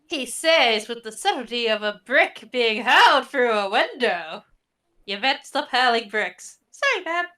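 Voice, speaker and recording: Bright lively lady game master, wry playful narrating. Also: a little high, a little slow.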